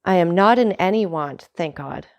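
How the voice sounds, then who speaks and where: A woman voicing an envious male tailor neighbor with a glib, ingratiating manner, in an audiobook reading with a gravelly tone. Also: on the low side, expressive, normal speed. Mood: fawning.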